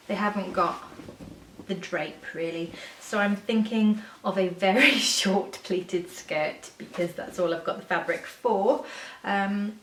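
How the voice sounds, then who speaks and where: A woman's voice: medium pitch, recorded from a distance. A woman, chatting casually to camera as a sewing vlogger, rambling with fillers and self-corrections and gushing when she shows things off. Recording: echoey room, a bit off-mic.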